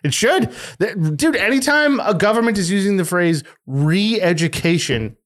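A man's voice: high-pitched, animated, moderate pace, fairly bright tone. A man hosting a casual podcast, profane and jokey with his co-hosts. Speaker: podcast host.

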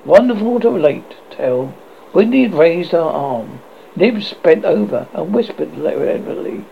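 Storybook narrator, halting read, dull lo-fi recording with faint hiss. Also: mid-range voice, expressive, creaky. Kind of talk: storybook reading.

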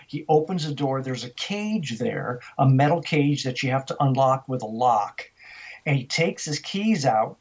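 A middle-aged man, an interview guest, telling a story in animated style and acting out the dialogue he quotes. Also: a little high, husky. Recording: dull, lo-fi sound.

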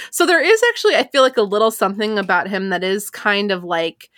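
A woman co-host talks casually, riffing on pop culture with a playful, laugh-prone ease. Her voice sits at an ordinary middle pitch. The sound is dry and close, with no room around it. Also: very animated, fairly quick, fairly bright tone, dry recording. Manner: chatty, playful, laughs often. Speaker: podcast co-host. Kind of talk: casual chat.

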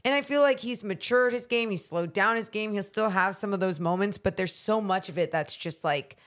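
A woman co-hosting a podcast, chatting about basketball with enthusiastic, quick reactions. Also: medium pitch, a bit bright. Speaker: podcast co-host. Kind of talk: casual sports talk.

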